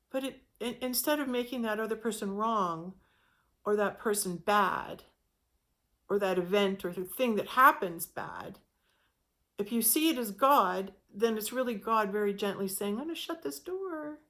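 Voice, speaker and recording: A woman's voice: mid-range voice, fairly bright tone. Woman giving a meandering spiritual talk. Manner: reflective, meandering, with frequent restarts. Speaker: spiritual speaker.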